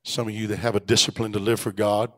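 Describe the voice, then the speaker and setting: A middle-aged man preaching a fervent Pentecostal sermon, rising to loud, high exhortation and dropping to soft asides. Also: level tone, fast talker. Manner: fervent preaching that swells louder and higher, then drops to a soft aside. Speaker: pastor. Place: church sanctuary. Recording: long church hall reverb.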